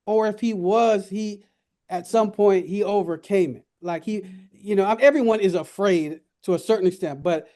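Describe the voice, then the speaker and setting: Male radio host, high-pitched, heartfelt and animated on air. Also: normal speed. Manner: earnest, reverent, then lively and laughing. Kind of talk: casual radio talk. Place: radio studio.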